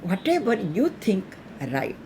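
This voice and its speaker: A woman's voice: mid-range voice, sing-song, unhurried, a little mellow, a little hiss or hum. A woman voicing a grieving but courageous queen mother who consoles her daughter-in-law, in a told mythological story. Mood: consoling. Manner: consoling, reassuring.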